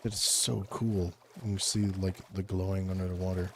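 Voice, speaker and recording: A man streaming a block-building game, chatting casually with his chat in a laid-back, rambling way and thinking aloud between pauses. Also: deep voice, flat delivery, slight background noise. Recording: faint music underneath.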